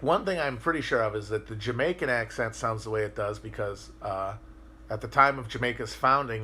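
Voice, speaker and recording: Bright-voiced man rambling on a livestream. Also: lowish voice, a little hiss or hum. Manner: rambling, profane, thinking aloud with frequent restarts and fillers. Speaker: podcast host. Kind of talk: casual livestream chat, answering viewer comments.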